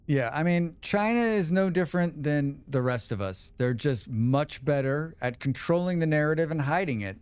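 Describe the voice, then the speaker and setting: Man, livestream gamer, casual rambling chat, opinionated, smooth clear voice, dry sound. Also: on the high side, animated, moderate pace, hardly any pauses, a little mellow, no room sound.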